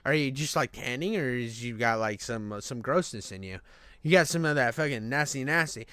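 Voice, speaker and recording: Bigoted, sneering male interviewer, stammers in disgust, lower and quieter as a man puts him on. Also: lively intonation, fairly quick, clear, resonant tone, dry recording.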